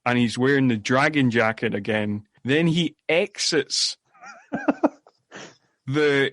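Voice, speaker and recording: A man's voice: medium pitch, fairly bright tone, no room sound, clean studio sound. A man co-hosting a movie podcast, recapping a film in casual chat full of fillers and restarts. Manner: rambling, many fillers and restarts. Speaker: podcast co-host. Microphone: podcast microphone.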